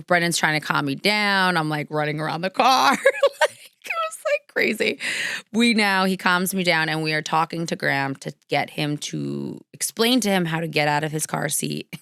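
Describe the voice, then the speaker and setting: A young woman tells a story casually, with frequent laughs, and her voice jumps high when she gets excited. Her voice is fairly low and smooth. The sound is dry and close. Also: no room sound. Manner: animated, laughing often, pitch jumping high when excited. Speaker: podcast host.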